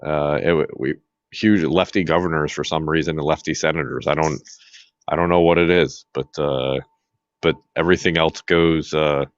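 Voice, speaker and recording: A man's voice: very deep voice, fairly even intonation, normal speed, no room sound, dull audio. A man from Massachusetts co-hosting a podcast, chatting casually about politics and rambling with many fillers and restarts. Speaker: podcast co-host.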